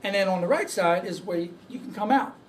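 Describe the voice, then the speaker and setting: A man telling a story to a group, halting often on fillers. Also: sits high. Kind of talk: casual storytelling. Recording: distant mic, faint background noise.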